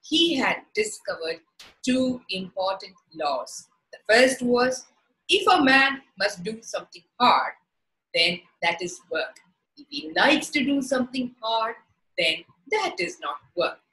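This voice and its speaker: A woman reads a storybook aloud as a read-along narrator, pronouncing each word clearly and deliberately. Her voice is fairly high and her pace is very slow. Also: sing-song, sharp tone, low-quality recording.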